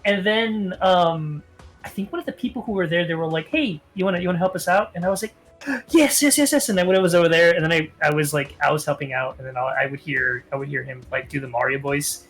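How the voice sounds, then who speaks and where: Earnest guest telling an excited story. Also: medium pitch, quick pace, faint music behind. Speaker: podcast guest. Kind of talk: casual storytelling chat.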